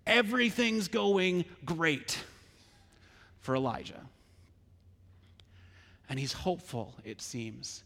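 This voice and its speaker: A pastor preaching a sermon, retelling a story with frequent rhetorical questions. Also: male voice, sits high, sharp tone, big-room sound.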